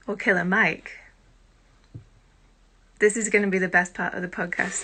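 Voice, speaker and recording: British woman, live-stream host, bright tone, self-deprecating chatter into a phone mic. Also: fairly low pitch, flat delivery, unhurried, long pauses, slightly rough. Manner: chatty and self-deprecating, with quiet muttered asides. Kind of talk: casual live-stream chat.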